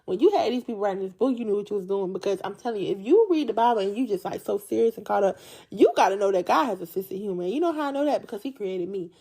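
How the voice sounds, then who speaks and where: Lively, animated woman preaching casually. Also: mid-range voice, rapid-fire, breathy edge. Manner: animated, jokey and chatty, often laughing; uses slangy casual speech. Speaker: Bible study podcast host.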